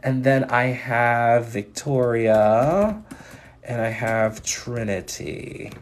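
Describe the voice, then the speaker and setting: A man's voice: medium pitch, drawn-out words, a little hiss or hum. A man hosting a live stream, giving casual astrology readings in a chatty way, often laughing and reeling off chart placements.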